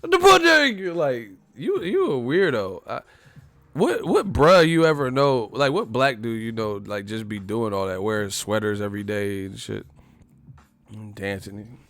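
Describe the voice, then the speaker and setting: A man's voice: on the low side, normal speed. A man hosting a livestream, ranting comedically in a loose, profane way and laughing often. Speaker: livestream host.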